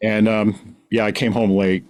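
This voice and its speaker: Middle-aged male guest, lowish voice, animated rambling storyteller with lots of restarts. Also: normal speed. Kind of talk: casual storytelling.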